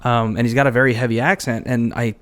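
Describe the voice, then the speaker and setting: A man's voice: mid-range voice, steady tone, fast talker, a bit bright, clean tone. A man co-hosting a podcast, talking casually in an earnest, agreeable way with small stammered restarts. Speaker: podcast co-host. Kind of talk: casual chat.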